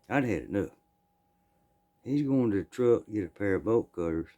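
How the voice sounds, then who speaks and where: A man, telling a true story in a plainspoken, folksy way, often clearing his throat. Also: fairly low pitch, animated, moderate pace, mellow, muffled recording.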